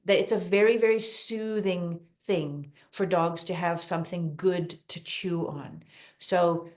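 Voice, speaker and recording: A woman talking as a dog behavior expert guest on a podcast, calm and explanatory, often repeating words for emphasis. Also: fairly low pitch, unhurried. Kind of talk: podcast interview advice.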